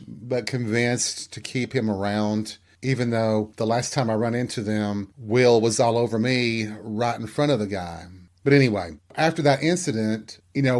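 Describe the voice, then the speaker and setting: A middle-aged man hosting a show, frankly telling a personal story in a casual, candid and profane way. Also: medium pitch. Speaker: podcast host.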